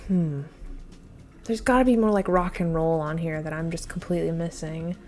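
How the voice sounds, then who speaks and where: A woman's voice: deep voice, steady tone, moderate pace, a little mellow. A woman thinking aloud while taking a timed trivia quiz, flustered and muttering, with many hesitations. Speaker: quiz video creator.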